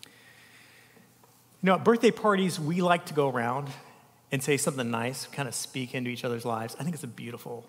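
A man preaching a sermon as a pastor, telling personal stories and dropping to a soft, tender voice at heartfelt moments. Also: mid-range voice, normal speed, long pauses, big-room sound. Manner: emotional, storytelling, speaks softly at tender moments.

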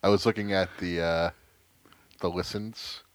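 A man's voice: sits low, steady tone, measured pace, slight background noise. A man co-hosting a casual podcast in a laid-back, swearing way, often trailing off with fillers. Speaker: podcast co-host. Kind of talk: casual chat.

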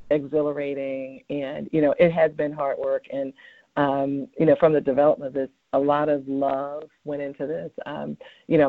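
A man's voice: on the high side, gravelly, dry recording. A man who is a cancer researcher, answering interview questions in an earnest, heartfelt way with many fillers and restarts. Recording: tinny phone-line sound, dry.

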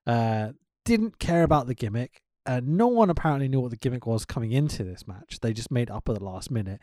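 A man's voice: mid-range voice, fairly quick, no room sound, clean studio sound. A man co-hosting a casual wrestling podcast, ranting with lots of swearing and indignation. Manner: animated, profane, indignant ranting.

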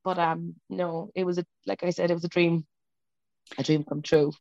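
A woman's voice: lowish voice, fairly even intonation, normal speed, creaky, a little mellow, no room sound, highs cut off. A woman, an interview guest, telling an emotional personal story in a rambling, self-interrupting way, speaking over a video call. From Ireland.

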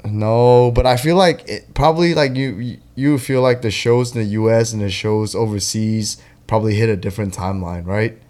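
A man's voice: fairly low pitch, moderate pace, hardly any pauses, darkish tone. Laid-back man in casual chat. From Singapore.

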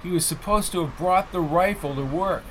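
A man doing a tense hero raised in pitch. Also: moderate pace, a little hiss or hum, close to an everyday voice, low-quality recording. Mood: urgent. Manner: urgent and clipped. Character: determined man racing to stop a killing.

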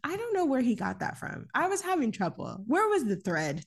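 A woman co-hosting a podcast, recapping a film in casual chat, animated, laughing often and swearing freely. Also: sits high, fairly quick, vocal fry, slightly rough.

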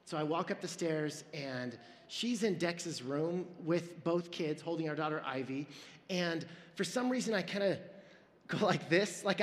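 High-voiced pastor preaching in a reverberant hall. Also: male voice. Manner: storytelling, earnest, self-deprecating humor. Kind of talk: sermon.

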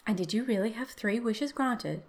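A woman's voice: fairly high pitch, lively intonation, normal speed, a little mellow, pitched above the performer's own voice. A woman doing a wry older mother. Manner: wry, practical.

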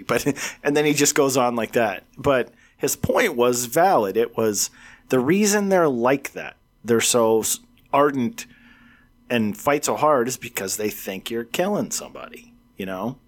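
A man's voice: mid-range voice, expressive, normal speed. A man co-hosting a casual political talk show, retelling comedians' bits and acting out the quotes with a laugh.

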